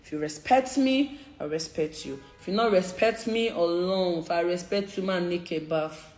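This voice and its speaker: A woman's voice: fairly low pitch, moderate pace, a little mellow, echoey room, soft background music. A young woman in her twenties with a Nigerian Pidgin English accent, confronting critics in a heated, repetitive live-stream rant. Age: 20s. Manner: confrontational, repeats her points. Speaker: social media personality.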